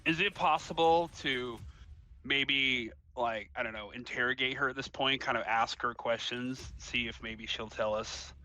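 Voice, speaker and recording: A man's voice: medium pitch, measured pace, sharp tone, soft background music, rough recording. A man playing a tabletop game, speaking casually and laughing often with the group. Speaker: player.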